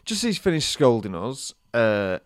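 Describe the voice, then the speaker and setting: A man's voice: medium pitch, big pitch swings, normal speed. A man, co-hosting a podcast and telling a long anecdote in casual chat, acting out the people in it. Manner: rambling anecdotal storyteller, acts out quotes. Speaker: podcast co-host.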